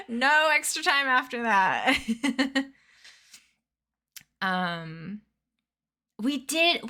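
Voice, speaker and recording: A woman's voice: on the high side, bright, forceful tone. A young woman in her twenties chatting casually with her stream chat, bubbly and giggly, sleepy. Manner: bubbly, giggly, reads chat names aloud. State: sleepy, yawning. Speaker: streamer reading a book aloud.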